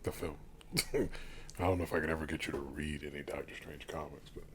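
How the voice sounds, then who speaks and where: A man's voice: rumbling low, brisk, a little hiss or hum. A man co-hosting a casual podcast who laughs easily and keeps the chat going with follow-up questions. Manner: relaxed, laughs often, asks follow-up questions. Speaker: podcast co-host.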